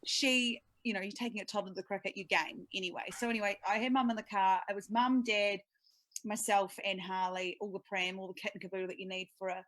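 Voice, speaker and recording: A woman's voice: mid-range voice, brisk, dry recording. Kiwi woman in her 30s chatting on a podcast, acts out the quotes, dry close sound. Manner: animated storytelling, acts out quotes. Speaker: sports broadcaster, guest. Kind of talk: casual podcast chat.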